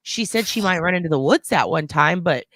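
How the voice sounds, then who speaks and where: A woman's voice: lowish voice, animated, fairly quick, fairly bright tone, dry recording, clean studio sound, voice pushed down. A woman acting out a groggy, easily swayed mother who gushes and flusters and is eager to agree. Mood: flustered.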